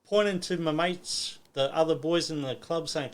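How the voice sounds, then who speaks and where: A man's voice: on the high side, normal speed. A middle-aged Australian man telling a story in casual chat, acting out quotes and swearing a lot. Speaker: podcast guest.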